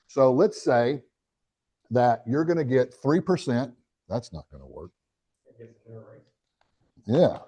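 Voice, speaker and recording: A middle-aged man giving a live real estate training, energetic and talking straight to the audience with questions. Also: medium pitch, slow pace, pauses often. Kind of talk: live motivational training talk.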